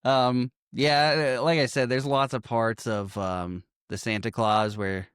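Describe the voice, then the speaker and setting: A man co-hosting a casual movie-review podcast, swearing freely, laughing often and trailing off quietly. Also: mid-range voice, flat delivery, a little slow, clean tone, no room sound, studio quality. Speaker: podcast co-host.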